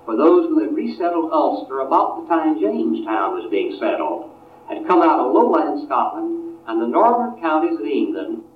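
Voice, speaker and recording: A man giving a history lecture, unhurried and often restarting his phrases. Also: on the high side, big pitch swings. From Appalachia. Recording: tinny, distant, roomy lecture recording.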